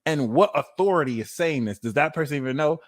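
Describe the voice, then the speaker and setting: Blunt animated man reading tarot. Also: a little high, fast. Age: 30s. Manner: blunt, animated, swears freely. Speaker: tarot reader.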